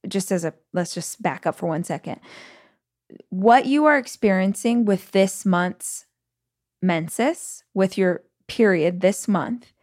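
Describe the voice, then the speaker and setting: A woman in her thirties or forties hosting a podcast, talking casually and candidly, telling stories with lively swings in her voice. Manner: chatty, candid, animated storytelling with big pitch swings. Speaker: podcast host. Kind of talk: casual solo podcast talk.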